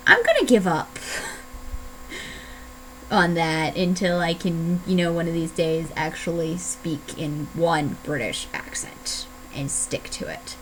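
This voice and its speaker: A young Canadian woman chatting casually on her vlog, playful and rambling, often jumping into high excited tones. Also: slow pace, a little hiss or hum, poor audio. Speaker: vlogger.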